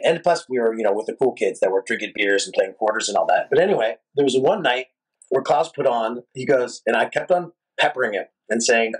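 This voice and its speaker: Husky-voiced man telling a story. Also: on the low side, low-quality recording. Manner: animated, profane, rambling anecdotes. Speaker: rock singer, guest. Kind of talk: casual storytelling interview.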